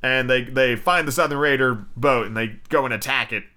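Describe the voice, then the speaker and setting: Dude rambling thru a show review, swears a ton, says like constantly, kinda sharp bright voice. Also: male voice, mid-range voice, fairly quick. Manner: profane, filler-heavy, frequent "like". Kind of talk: casual rambling commentary.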